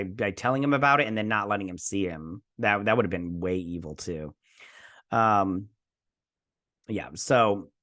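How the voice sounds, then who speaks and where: A man hosting a review show, recapping an episode casually, chatty and animated, with lots of fillers as he acts out the characters' lines. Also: medium pitch. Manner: frequent fillers like "like" and "you know".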